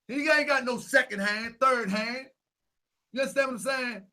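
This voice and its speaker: A young man hosting a casual vlog, talking through a set of photos. He repeats himself a lot and grows louder and more animated as he gets worked up. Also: very high-pitched, normal speed. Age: young adult. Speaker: Grand Sheik and channel host.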